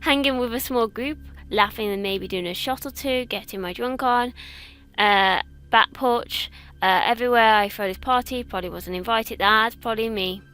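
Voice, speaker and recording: Bright chatty young English woman. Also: fairly high pitch, normal speed, smooth. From England. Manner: chatty, rambling, self-mocking. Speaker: YouTuber. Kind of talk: casual quiz commentary.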